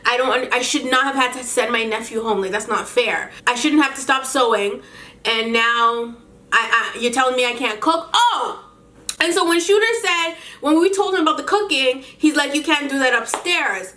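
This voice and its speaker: A woman's voice: high-pitched, normal speed, bright, forceful tone, reverberant. A woman telling a storytime vlog rant, exasperated and incredulous, firing off rhetorical questions. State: pregnant. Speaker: vlogger.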